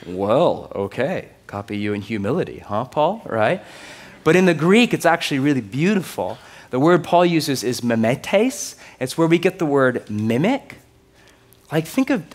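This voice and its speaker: A man in his thirties preaching a sermon in a loose, joking style, often checking in with his listeners. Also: medium pitch. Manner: conversational, joking, asks the crowd often. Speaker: pastor.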